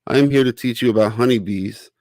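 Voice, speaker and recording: A man's voice: medium pitch, quick pace, a little mellow, no room sound, lightly acted. A man voicing a friendly female queen honeybee in a children's storybook, speaking in a patient, teaching way. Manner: patient, instructive storybook speech. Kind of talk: reading a children's picture book aloud.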